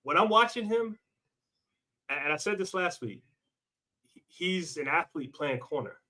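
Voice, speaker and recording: A man's voice: on the high side, animated, unhurried, bright, forceful tone. A man co-hosting a football podcast, talking casually and emphatically, often repeating himself. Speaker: podcast co-host. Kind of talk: casual football scouting talk.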